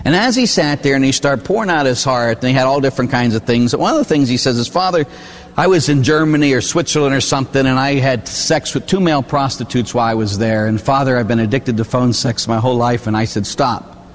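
A man's voice: medium pitch, quick pace, long reverb tail, a little hiss or hum. A man who is a Catholic priest, preaching a sermon in an emphatic, conversational storytelling way.

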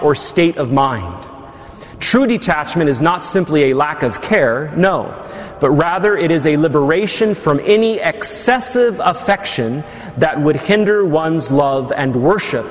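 Man preaching in an echoing church. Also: a little high. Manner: preaching with teasing asides to the congregation. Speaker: priest. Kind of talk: sermon. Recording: long church reverb.

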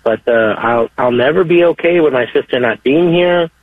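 A man calling in to give a testimony, speaking haltingly and repeating his words. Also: mid-range voice, dry recording. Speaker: caller. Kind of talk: phone-in testimony. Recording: tinny dry phone line.

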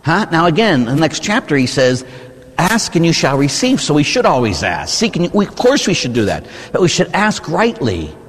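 A man's voice: a little high, big pitch swings, normal speed, husky, big-room sound. A man, a Catholic priest, giving a conversational sermon. He keeps asking his listeners short rhetorical questions and acts out prayers and complaints in changed voices. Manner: asks the listeners short rhetorical questions, often ending with "huh?".

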